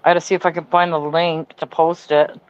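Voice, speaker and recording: A woman's voice: low-pitched, little pitch movement, brisk, smooth, lo-fi sound. A woman with a Canadian accent hosting a livestream in casual chat, giggling often and saying "like" a lot. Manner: giggly, chatty, lots of "like". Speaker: livestream host.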